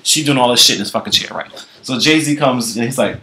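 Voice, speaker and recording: A man vlogging, telling a profane comic story in an animated, chatty way. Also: medium pitch, fairly quick, slight background noise. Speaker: comedy vlogger. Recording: echoey room.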